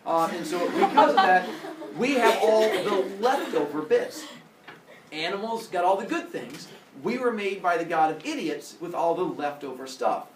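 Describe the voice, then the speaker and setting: Brief: jokey, animated male teacher; roomy classroom with faint background hum. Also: high-pitched, normal speed, few pauses. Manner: jokey, animated, teasing the students. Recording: echoey classroom.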